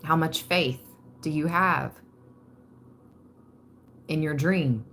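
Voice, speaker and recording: A woman giving a spiritual card reading. She reads the messages slowly and with emphasis, then slips into casual asides. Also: low voice, a bit bright, slight background noise. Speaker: tarot reader.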